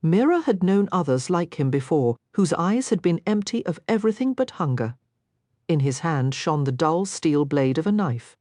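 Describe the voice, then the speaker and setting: Low-voiced woman reading an audiobook. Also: lively intonation, moderate pace, dark tone, no echo. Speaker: audiobook narrator. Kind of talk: scripted narration.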